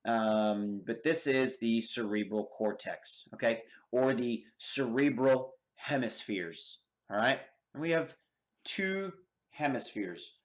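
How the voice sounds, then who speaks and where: American guy teaching a brain lab, talks real slow, keeps asking okay?. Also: medium pitch, lively intonation. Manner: slow and deliberate, checks in with okay and all right. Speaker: anatomy instructor. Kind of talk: lab demonstration lecture.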